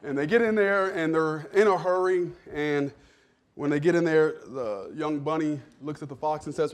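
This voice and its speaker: Guy preaching a sermon, lots of jokes at his own expense, fairly high voice. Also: normal speed. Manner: humorous, self-deprecating storytelling. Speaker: pastor.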